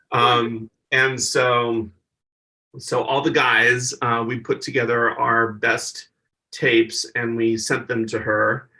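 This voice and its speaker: A man's voice: mid-range voice, little pitch movement, slow pace, sharp tone, distant mic, rough recording. A male stand-up comedian, a podcast guest, animatedly telling an anecdote and acting out other people's voices.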